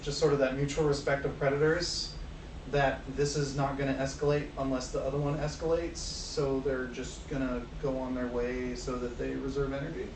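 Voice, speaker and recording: A rambling game master, roomy and distant. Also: male voice, mid-range voice, level tone, normal speed, a little mellow. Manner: rambling, hesitant, lots of fillers. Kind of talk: narrating a tabletop game. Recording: roomy, distant mic with faint noise.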